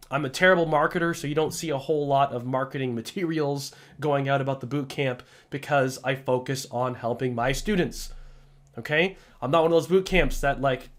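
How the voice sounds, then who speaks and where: A programming instructor narrates a screen-recorded tutorial in a mid-range voice. He rants in an excitable, emphatic way and sounds slightly sick.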